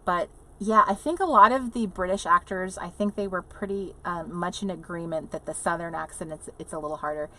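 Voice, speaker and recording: A woman's voice: on the low side, brisk, few pauses, bright, forceful tone. Chatty woman livestreaming from an RV. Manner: chatty, rambling, laughs often, reads viewer comments aloud. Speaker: livestream host. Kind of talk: casual live chat with viewers. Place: inside an RV.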